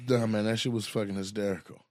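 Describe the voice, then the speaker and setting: A man, a comedian hosting a casual chat, telling a story with animated, profane delivery and laughter. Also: on the low side, fast talker, no echo, studio quality. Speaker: comedian host.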